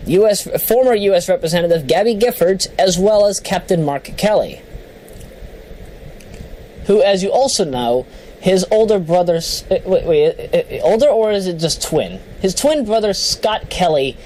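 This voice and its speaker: In poor audio, a woman vlogger with a fairly low, warm and animated voice reads down a list at a moderate pace. She's chatty and giggly, jokes at her own expense and apologizes for her mispronunciations.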